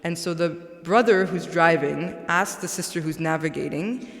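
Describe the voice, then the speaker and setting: A woman's voice: lowish voice, moderate pace, faint music behind. A woman giving a religious talk to a congregation, conversational, often checking in with "right?". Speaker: guest speaker. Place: large mosque hall. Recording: echoey hall with long reverb.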